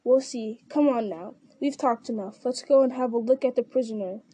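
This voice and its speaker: A woman's voice: fairly high pitch, moderate pace, dark tone, close to an everyday voice. A woman voicing a mocking, suspicious male orc captain who sneers and jeers at his rival in an audiobook reading. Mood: sneering.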